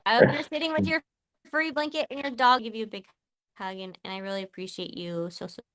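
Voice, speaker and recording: A woman's voice: a little high, fairly even intonation, fast talker, a bit bright, slight background noise. A woman hosting a live podcast, chatting casually in a rambling, emotional, giggly way. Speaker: podcast host.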